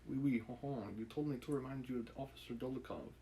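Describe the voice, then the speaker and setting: A man reading aloud, voicing a young male aristocratic aide in a halting mock-French accent. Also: medium pitch, steady tone, dark tone, slight background noise, natural voice. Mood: formal.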